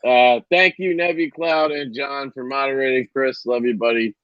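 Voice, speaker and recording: A man hosting a live stream and wrapping it up, rambling and swearing casually between his ums. His voice sits at an ordinary middle pitch. The sound is dry and a bit dull and lo-fi, like a video call mic. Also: steady tone, moderate pace, smooth, no echo. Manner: rambling, loose and profane, with many ums.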